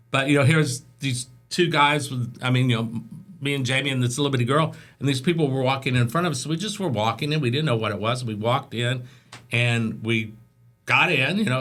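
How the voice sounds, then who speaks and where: A man guest on a podcast, telling stories in a chatty, animated way and acting out the voices of the people in them. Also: medium pitch. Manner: chatty, animated storyteller who acts out voices in anecdotes. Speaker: interview guest. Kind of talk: casual storytelling.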